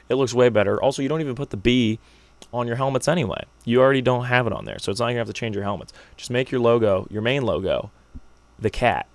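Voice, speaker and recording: A man's voice: mid-range voice, dry recording. A young man hosting a solo sports podcast, making brash, joking predictions like a hyped-up fan. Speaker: podcast host.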